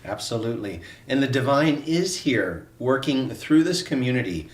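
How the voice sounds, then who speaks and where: A man co-hosting an online wellness class, telling a story in an earnest, animated way. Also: mid-range voice, moderate pace, reverberant, recorded from a distance. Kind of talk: live-stream storytelling.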